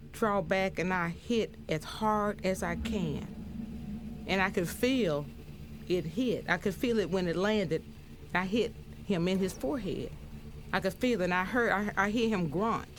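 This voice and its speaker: An older woman recounting her experience in documentary testimony, halting and repeating words as she goes. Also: mid-range voice. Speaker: crime survivor interviewee.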